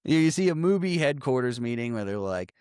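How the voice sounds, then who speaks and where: A man's voice: medium pitch, fairly quick, clean tone, no echo, studio quality. A man co-hosting a podcast, retelling movie scenes in casual chat and acting out the lines. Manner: animated retelling, acting out quotes. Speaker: podcast co-host.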